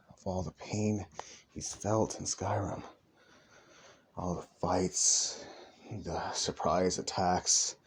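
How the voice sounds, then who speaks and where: A young man improvising and narrating a fan story in a rambling, hushed way. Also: on the low side, husky.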